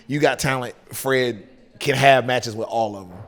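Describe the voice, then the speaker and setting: A man's voice: medium pitch, moderate pace, in a large hall. A man with a Southern US accent, a wrestler guest chatting casually on a podcast in a loose, laid-back way with lots of fillers.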